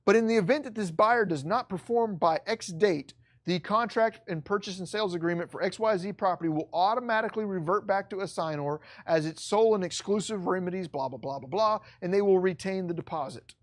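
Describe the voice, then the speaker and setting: An instructor lectures in an online course, pressing hard on each point and repeating key lines for effect. The talk stays blunt and casual, with plain everyday wording. The voice sits at a middle pitch. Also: a little fast, hardly any pauses. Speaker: real estate instructor.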